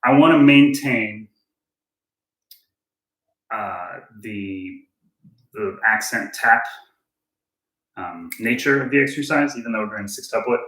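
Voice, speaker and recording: A man's voice: fairly low pitch, slow pace, pauses often. A man giving a casual drum lesson, thinking aloud and joking at his own mistakes. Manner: relaxed, self-deprecating, thinking aloud. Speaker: drum teacher. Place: room with drum kit and click track. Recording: roomy, with drumming and clicks.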